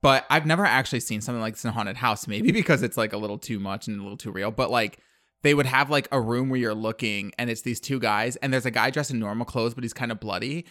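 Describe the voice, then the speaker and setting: A man's voice: medium pitch, fast talker, a bit bright, no room sound. A man telling a movie plot in casual chat, rambling with lots of fillers and acted-out quotes. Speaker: podcast co-host.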